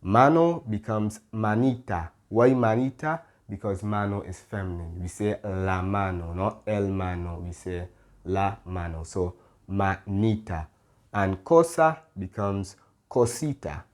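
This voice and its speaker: A man teaching a Spanish lesson, patiently explaining rules, checking in with "okay?" and correcting himself as he goes. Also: fairly low pitch. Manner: pauses and corrects himself mid-sentence. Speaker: Spanish tutor.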